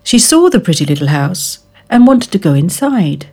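A woman reads a children's storybook aloud in a husky, gravelly voice. She takes her time, with a lively pitch that rises and falls, and her voice sits on the low side. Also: soft background music. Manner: expressive, slow and drawn out.

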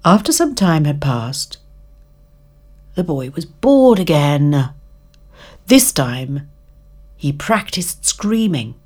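A woman narrating a children's story with an expressive, drawn-out reading. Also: sits low, slightly rough.

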